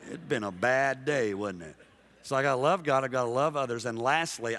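A man preaching a sermon as pastor, emphatic and dynamic, dropping soft and then rising loud while he calls out to the congregation. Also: mid-range voice, fairly quick. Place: large church sanctuary. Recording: long hall reverb from a big church.

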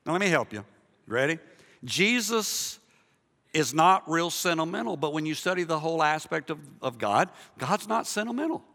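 A man preaching a sermon in a church, animated, moving from loud emphasis to hushed softness, with jokey asides to the congregation. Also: fairly high pitch, normal speed, creaky, big-room sound. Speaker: pastor. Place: church sanctuary.

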